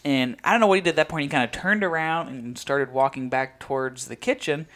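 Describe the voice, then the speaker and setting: A man's voice: mid-range voice, fairly quick, fairly bright tone. A young man in casual chat, telling a long story and laughing often.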